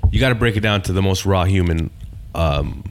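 A man's voice: sits low, lively intonation, brisk. A man, a stand-up comedian and podcast guest, talks laid-back in casual chat, swearing freely and repeating phrases. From Canada.

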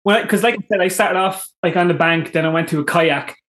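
An Irish man telling excitable fishing stories in a casual podcast chat, swearing freely and acting out quotes. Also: sits high, fast. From Ireland. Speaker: podcast guest. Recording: roomy echo.

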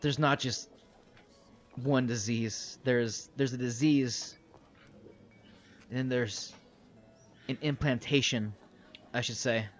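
A man voicing a very old human sorcerer who asks anxious, halting questions. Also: mid-range voice, steady tone, muffled recording, soft background music, natural voice. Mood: urgent.

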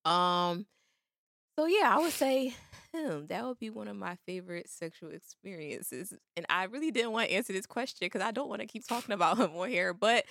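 Animated young woman podcast co-host. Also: medium pitch, normal speed, creaky, dry recording, clean studio sound. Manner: candid, laughs often, animated. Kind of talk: casual chat.

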